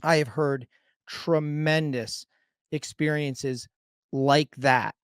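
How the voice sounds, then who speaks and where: A man's voice: fairly high pitch, fairly even intonation, slow, smooth, no room sound. Candid man telling his recovery story, dry sound. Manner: rambling, candid and casual, with occasional swearing. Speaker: sobriety coach and guest storyteller. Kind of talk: personal recovery story told in conversation.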